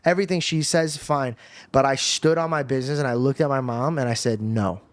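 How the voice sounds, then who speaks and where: A man's voice: mid-range voice, fairly quick, dry recording. Casual young man telling a testimony. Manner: casual, animated storytelling with slang. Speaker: podcast guest. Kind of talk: emotional personal testimony.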